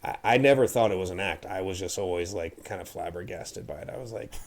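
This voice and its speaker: A middle-aged man with a fairly low voice hosts a casual podcast chat. He rambles through a story, stopping and restarting his sentences. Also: fast talker. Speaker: podcast host.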